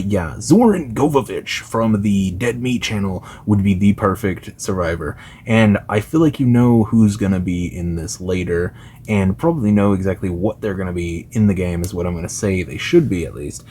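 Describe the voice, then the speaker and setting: A man's voice: low-pitched, a little mellow, slight background noise. A man talking as a gaming YouTuber in loose, enthusiastic casual commentary, full of fillers and slang.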